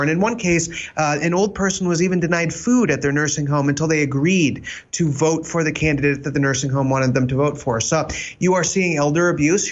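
A man speaking as a guest commentator on a political talk show, halting with lots of fillers and a wry edge. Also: a little high, dull audio.

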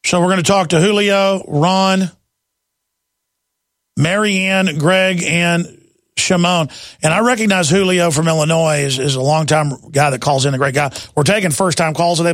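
A man's voice: fairly high pitch, a bit bright, no echo. A man hosting a call-in talk radio show, ranting intensely and combatively into a studio mic.

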